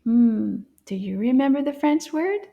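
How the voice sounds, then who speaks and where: A woman teaching French words to young children, gentle and playful, with little gasps and hushed asides. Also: high-pitched, animated, a little slow, vocal fry, phone-quality sound. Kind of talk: slow, encouraging kids' lesson.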